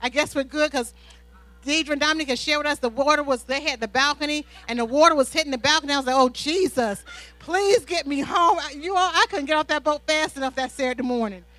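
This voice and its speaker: A woman preaching a sermon with animated personal stories, often asking the congregation "Amen?". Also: high-pitched, low-quality recording. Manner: animated storytelling, call-and-response "Amen?". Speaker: pastor's wife preaching.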